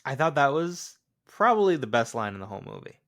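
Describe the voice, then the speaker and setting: A man's voice: medium pitch, big pitch swings, a little fast, fairly bright tone. Man chatting casually about a film. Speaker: podcast co-host.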